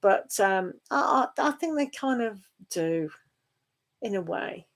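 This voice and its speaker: A woman's voice: mid-range voice, expressive, slow pace, vocal fry. A woman chatting on a live tarot stream, reading viewer questions aloud. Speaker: tarot reader.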